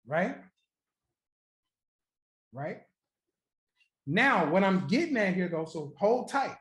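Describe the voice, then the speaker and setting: A man hosting a trading livestream, chatting casually and profanely with viewers, joking, laughing often and repeating his points slowly. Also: high-pitched, very animated. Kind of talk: casual live-stream chat with viewers. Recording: roomy echo.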